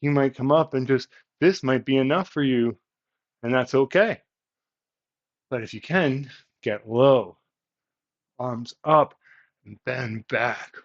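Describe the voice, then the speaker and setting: A man leading a yoga workout with calm, encouraging step-by-step cues. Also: medium pitch, slow, long pauses. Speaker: yoga instructor. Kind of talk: guided workout instruction. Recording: slightly muffled, lo-fi audio.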